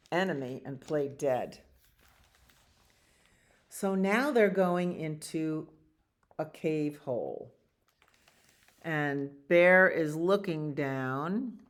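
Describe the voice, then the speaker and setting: Lady librarian reading a bedtime picture book, slow and chatty, kinda low voice. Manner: gentle, chatty, stops to explain pictures. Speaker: children's librarian.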